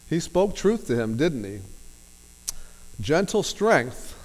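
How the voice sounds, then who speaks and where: A man's voice: medium pitch, a little mellow, long reverb tail, low-quality recording. A man preaching a sermon in a conversational way, asking his listeners rhetorical questions. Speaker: pastor.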